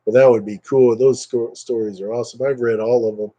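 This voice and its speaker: Guy doing a laid back livestream at home, mellow dark voice, lots of uhs, reads the chat out loud. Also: medium pitch, a little fast. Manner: rambling, reads viewer comments aloud; relaxed, hesitant with many fillers. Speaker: livestream host.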